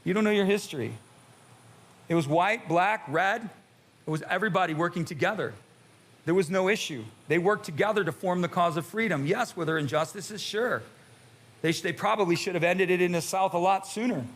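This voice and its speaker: A male pastor delivers a fiery sermon in a fairly high-pitched voice. He preaches emphatically, repeats his points and throws rhetorical questions at the congregation. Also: brisk, fairly bright tone.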